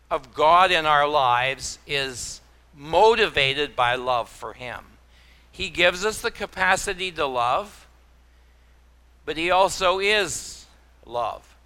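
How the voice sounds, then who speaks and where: Bright-voiced pastor preaching. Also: male voice, fairly high pitch, clear, resonant tone. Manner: folksy, with homespun exclamations and acted-out anecdotes. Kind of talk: sermon.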